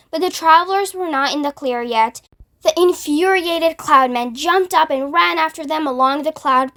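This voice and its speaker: A woman reading a children's book aloud, narrating in a clear, expressive way. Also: high voice. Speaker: storyteller.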